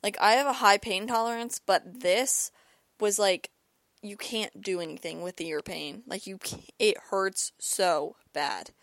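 In an unhurried, medium-pitched voice with a fairly bright tone, a young podcast host tells a rambling personal story. She's sick with an ear and throat infection and speaks casually, saying "like" a lot and repeating words. There's no room sound.

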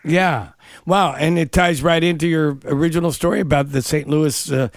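A man's voice: on the high side, steady tone, normal speed, no echo, clean studio sound. A man hosting an interview, encouraging his guest with short affirmations and follow-up questions. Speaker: interview host. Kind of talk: interview conversation.

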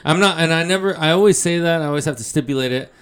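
A man hosting a casual podcast, excitable and swearing when he is surprised. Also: a little high, racing, smooth. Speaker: podcast host.

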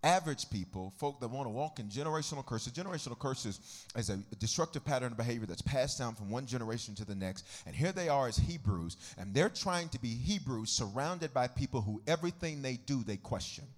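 A man preaching a sermon as pastor, swinging from quiet teaching into sung, shouted whooping. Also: expressive, fairly quick. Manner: whooping preacher rising into sung shouts, then dropping low.

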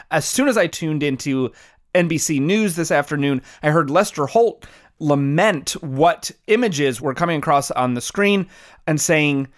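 A man co-hosting a political podcast, talking in a wry, sarcastic way and laughing often. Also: fairly high pitch. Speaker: podcast co-host. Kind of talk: political commentary chat.

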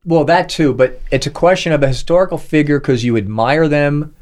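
A man's voice: fairly high pitch, a little fast, darkish tone. A middle-aged man co-hosting a podcast, chatting casually and acting out the people in his stories. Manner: storytelling, acts out quoted voices. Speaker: podcast co-host. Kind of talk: casual chat.

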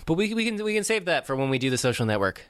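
A man co-hosting a podcast in casual chat, rambling and joking with lots of fillers and restarts, often jumping up in pitch when amused. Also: very animated, fast talker, a bit bright, no room sound, clean studio sound. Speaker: podcast co-host.

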